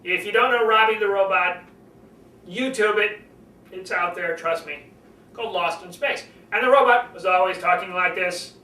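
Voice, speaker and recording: Animated older man teaching, bright voice. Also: moderate pace. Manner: animated, demonstrates pitch swings, acts out conversations. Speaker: public speaking coach. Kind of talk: speaking lesson to camera. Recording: roomy, from a distance, faint noise.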